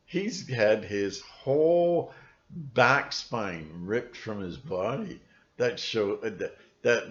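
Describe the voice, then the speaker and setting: Slow-talking, sardonic man ranting off the cuff; lively pitch swings; dull lo-fi recording. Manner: rambling, sardonic, restarts often. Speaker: video blogger. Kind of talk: ranting monologue.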